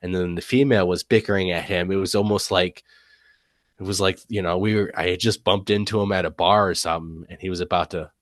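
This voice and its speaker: Deep-voiced rambling male storyteller. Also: steady tone, fast talker, dry recording, clean studio sound. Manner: rambling, many fillers and "and stuff". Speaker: guest telling an encounter story. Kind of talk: casual storytelling.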